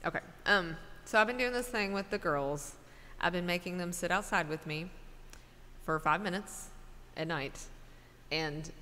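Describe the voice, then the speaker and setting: A woman's voice: lowish voice, a bit bright, big-room sound, a little hiss or hum. A middle-aged woman chatting casually with her livestream viewers, rambling from one thought to the next. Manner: rambling, chatty, talks to chat directly. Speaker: livestreamer and singer. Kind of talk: casual stream chat.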